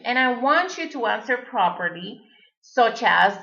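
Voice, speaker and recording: A woman's voice: medium pitch, lively intonation, takes it slowly, a bit bright. A native Spanish-speaking woman giving a recorded language lesson, patiently repeating words for the learner. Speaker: Spanish teacher. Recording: dull lo-fi recording.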